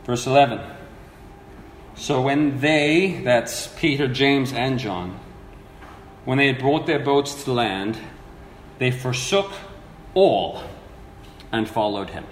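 A man preaching a sermon, earnest and animated, acting out the people he quotes. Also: mid-range voice, slow, pauses often, a little hiss or hum. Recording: echoey hall with faint ambience.

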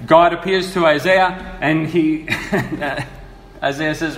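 A man preaching a sermon, earnest and animated, acting out the people he quotes. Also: fairly high pitch, a little slow, a little hiss or hum. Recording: echoey hall with faint ambience.

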